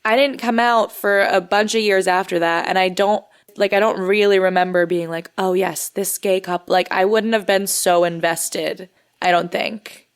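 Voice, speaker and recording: A woman's voice: mid-range voice, steady tone, moderate pace, smooth. A woman in her thirties co-hosting a podcast, chatting casually and rambling, often laughing. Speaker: podcast co-host. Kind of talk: casual chat.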